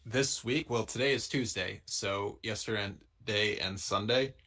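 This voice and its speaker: A man's voice: fairly low pitch, unhurried, sharp tone. A man co-hosting a live stream, telling stories in a dry, rambling and jokey way. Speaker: podcast co-host. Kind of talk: casual chat on a live stream.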